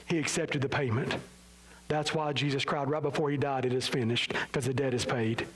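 A man preaching an evangelical sermon, impassioned, swinging from low, solemn lines to loud, high emphasis, with self-mocking asides. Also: fairly even intonation, normal speed, low-quality recording.

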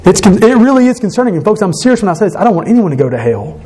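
A man's voice: high voice, sing-song, rapid-fire, warm tone. A man, a pastor, preaching an earnest and emphatic sermon in a conversational way, often restarting and correcting himself as he goes.

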